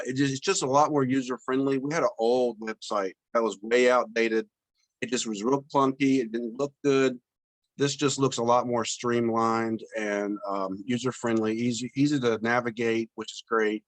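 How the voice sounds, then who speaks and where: On an audio-only video call, camera off, a man who owns a business chats casually with a Zoom group about how it went. He speaks plainly and modestly, laughing easily, in a medium, slightly bright voice. The recording is dry.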